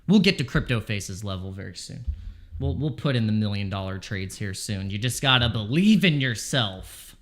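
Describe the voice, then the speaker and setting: A man's voice: on the low side, expressive, moderate pace, fairly bright tone. Anxious man pleading with the market. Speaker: crypto trading streamer. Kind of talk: live trading stream commentary. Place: home.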